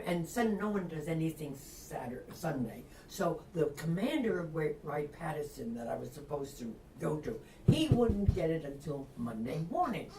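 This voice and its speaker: An older woman from Long Island, a retired reporter, telling a lively anecdote and acting out the voices of people in it. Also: low-pitched, slight background noise. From Long Island, New York. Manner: lively, acts out quoted voices, laughs often. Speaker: interview guest, retired reporter. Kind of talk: anecdotal storytelling. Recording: roomy, distant mic.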